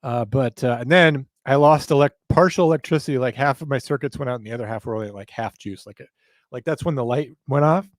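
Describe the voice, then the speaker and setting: A man's voice: medium pitch, no room sound, studio quality. A tired man hosting a casual livestream from his home office, chatting and reading viewer comments with rambling, self-deprecating asides. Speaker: host.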